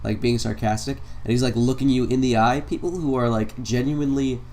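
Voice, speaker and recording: A man's voice: mid-range voice, fairly even intonation, fairly quick, a little mellow, a little hiss or hum. A man giving comedic reaction commentary on a video, sarcastic and mock-exasperated, laughing between lines. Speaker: commentary YouTuber.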